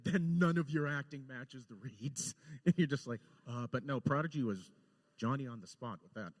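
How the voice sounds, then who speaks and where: A man, a storyboard director, telling lively anecdotes and acting out the quotes with laughter. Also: medium pitch, normal speed, in a large hall. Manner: animated, laughing, acts out quotes.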